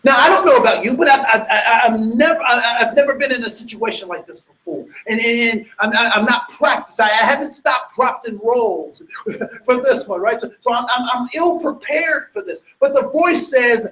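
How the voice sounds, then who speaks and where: A man with an extremely high-pitched voice tells a personal story to an audience in an animated way, at a moderate pace. He stammers into restarts and breaks into sudden loud bursts. The recording is rough.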